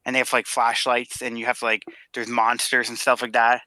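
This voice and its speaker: Bright-voiced, easygoing podcast man. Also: medium pitch, completely flat delivery, moderate pace, dry recording. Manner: easygoing, hesitant. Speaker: podcast co-host. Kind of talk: casual chat.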